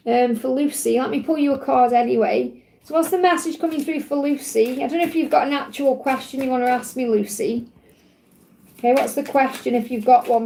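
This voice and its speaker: A woman hosting a live stream, giving reassuring card readings to viewers with a calm, soothing manner and often repeating key phrases. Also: high voice, vocal fry, slight background noise. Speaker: tarot reader hosting a live Q&A.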